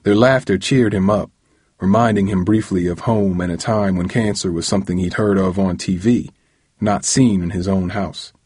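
A man reading a novel aloud as narrator, in a steady storytelling manner. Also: sits low, moderate pace, husky, no room sound, studio quality. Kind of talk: audiobook narration.

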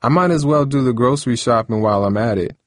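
A man voicing a tired young aunt looking after a teething baby, talking in a raised, brisk voice. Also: medium pitch, no echo, studio quality, voice pushed up, natural voice. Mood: weary. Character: weary young aunt, hair stylist, caring for baby.

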